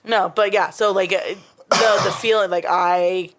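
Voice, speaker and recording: A woman's voice: mid-range voice, steady tone, measured pace, background noise. A young woman talking as a podcast guest, rambling with many fillers and restarts. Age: young adult. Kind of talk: casual chat.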